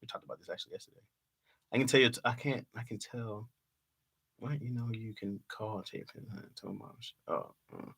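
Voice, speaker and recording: A man's voice: lowish voice, brisk, creaky, fairly bright tone, breathy edge. A man reading his old jokes aloud to a live chat in casual talk, laughing at them and mocking himself.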